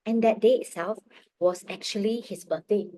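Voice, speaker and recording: A middle-aged woman telling a personal faith testimony as a parent, earnest and emotional, often dropping her voice very low. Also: fairly even intonation, normal speed, dark tone. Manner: earnest, emotional storytelling, drops to near whispers.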